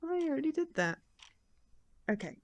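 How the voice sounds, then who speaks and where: A young woman streaming a game, chatting casually and halting with restarts. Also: high-pitched, very animated. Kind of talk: casual live-stream commentary.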